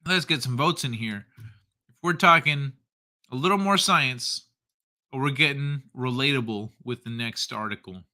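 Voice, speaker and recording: A man hosting a casual livestream, reading viewer comments aloud in an unhurried, joking way and chuckling often. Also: mid-range voice, pushed and bright. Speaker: livestream host.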